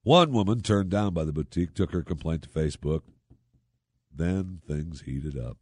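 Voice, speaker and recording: A man's voice: sits low, expressive, normal speed, darkish tone, slightly rough, dry recording, clean studio sound. A man hosting a talk radio show, reading news stories and mocking them with sarcastic asides. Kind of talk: opinion talk radio monologue.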